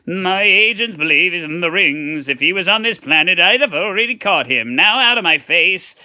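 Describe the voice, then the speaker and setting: A man's voice: high-pitched, lively intonation, moderate pace, bright, forceful tone, clean tone, pitched above the performer's own voice, heavily acted. A man voicing a brusque, accusing lizard-like official in a tabletop game. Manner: defensive, dismissive.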